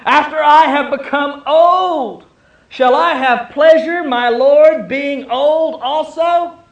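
Man voicing an old woman, high-pitched, cackling, incredulous, sermon role-play, roomy echo. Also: takes it slowly, full character voice. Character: old woman laughing in disbelief.

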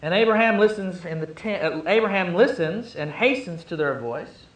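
A man's voice: high voice, expressive, normal speed, echoey room. A male pastor preaching a sermon, telling the story with emphasis and joking asides to the congregation.

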